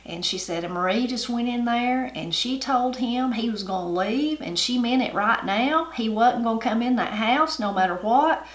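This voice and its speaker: Appalachian woman telling family stories. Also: a little high. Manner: folksy, unhurried storytelling with homey grammar. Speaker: channel host. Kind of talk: family storytelling. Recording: roomy echo.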